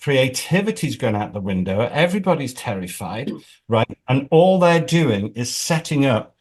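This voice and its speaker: A man who works as an executive coach, explaining his points through lively examples and scenarios. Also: medium pitch, normal speed. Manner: animated storyteller.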